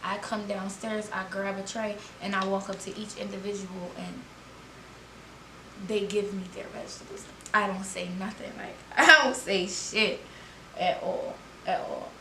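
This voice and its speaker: A woman's voice: mid-range voice, fairly even intonation, unhurried. A young woman telling a storytime vlog, dramatic and profane, speaking straight to her viewers. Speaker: vlogger. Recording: roomy echo, faint ambient noise.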